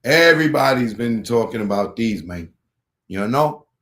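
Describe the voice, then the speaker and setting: A man's voice: medium pitch, animated, normal speed, fairly bright tone. A man hosting a live comedy stream, chatting casually while he tries out a gadget. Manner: casual, rambling, unpacks and tries out gadgets on camera. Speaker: comedian host. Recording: roomy echo.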